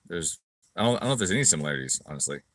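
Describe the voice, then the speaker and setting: Racing along in a sing-song, slightly bright voice on a dry recording, a middle-aged car parts business owner fields viewers' questions during a casual livestream. He rants and swears, imitating critics with shrill mockery.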